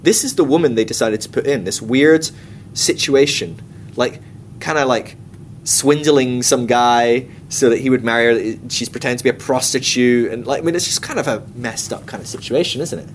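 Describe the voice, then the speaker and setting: Casual male Bible study teacher, mid pitch, irreverent comic asides, faint rumbling background noise. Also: moderate pace. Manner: chatty and irreverent, with comic asides and acted-out quotes.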